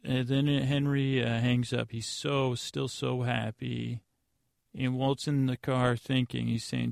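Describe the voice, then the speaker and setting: A man hosting a podcast, giving a rambling, deadpan comedic recap of an episode with lots of fillers and restarts. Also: mid-range voice, slow, vocal fry, dry recording, studio quality. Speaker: podcast host.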